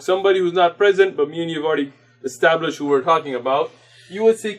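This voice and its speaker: In a mosque classroom, a man with a high-sitting voice teaches Arabic grammar as a lecture, patiently explaining terms in English mixed with Arabic words. He recites Arabic passages rapidly.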